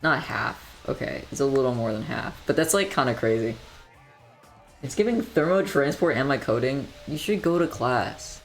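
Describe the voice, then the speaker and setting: A young man with a gravelly, fry-edged voice rambles through engineering homework on a casual study stream. He drifts between chatty asides and quiet muttering as he works the problems. Faint music plays underneath. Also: medium pitch, lively intonation, normal speed. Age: young adult. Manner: rambling, muttering to himself while working problems.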